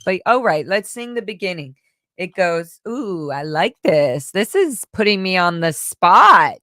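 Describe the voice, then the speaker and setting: A woman's voice: medium pitch, fairly bright tone, smooth, no echo, clean studio sound. A woman hosting a casual livestream. She chats, giggles, and reads viewers' comments aloud into a microphone. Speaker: livestream host. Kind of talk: casual live chat answering viewer questions.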